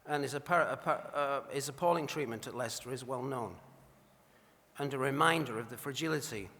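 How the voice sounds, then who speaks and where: A man's voice: medium pitch, a little fast, bright, forceful tone. A man presenting an award at a dinner, telling wry anecdotes in an after-dinner speech, recorded in a large banquet hall. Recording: reverberant hall.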